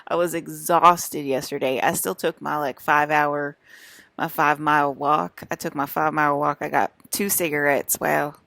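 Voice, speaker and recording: A woman's voice: deep voice, fairly even intonation, moderate pace, vocal fry, a bit bright, dry recording. A young woman vlogging to camera in a meandering, repetitive way, with many fillers and restarts. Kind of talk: casual rambling monologue.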